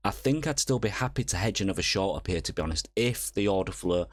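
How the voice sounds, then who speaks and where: A crypto trader hosting his channel gives a casual market update, talking fast in a low, expressive voice as he walks through charts. He's chatty and keeps checking in with viewers with "okay?" and "all right?" There's no room sound.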